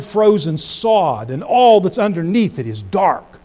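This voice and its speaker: Man, pastor, preaching a sermon, high voice, middle-aged, bursts of emphasis dropping to hushed tones. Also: big pitch swings, a little slow. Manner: preaching with swings between loud emphasis and hushed low phrases.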